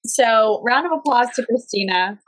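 A young woman chatting casually about high school, earnest and full of "like". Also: expressive, moderate pace, no room sound, low-quality recording. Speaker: podcast guest. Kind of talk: casual storytelling chat.

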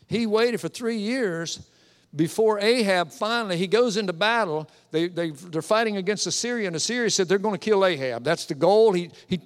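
A male pastor delivers a sermon, animated and theatrical as he acts out the story's characters. His voice sits a little high for a man. The sound carries a long reverb from a large church hall. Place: church sanctuary.

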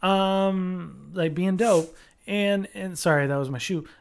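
A man's voice: high voice, slow, gravelly. A man co-hosting a podcast, rambling casually with lots of fillers, restarts and swearing. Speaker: podcast co-host. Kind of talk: casual chat.

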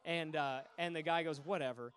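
A man preaching a sermon, telling stories with lively energy and acting out the voices of the people in them. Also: high voice, a little fast, clear, resonant tone. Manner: animated, acts out quoted voices. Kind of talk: sermon storytelling.

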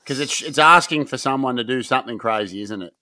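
A man co-hosting a casual podcast, excitable and joking as he throws questions. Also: mid-range voice, quick pace, no echo. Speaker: podcast co-host.

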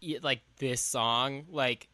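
A man's voice: medium pitch, fairly even intonation, slow pace, bright, forceful tone, dry recording. A man co-hosting a podcast, chatting casually about music and rambling with lots of "like". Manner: rambling, heavy use of "like", trailing off. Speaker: podcast co-host.

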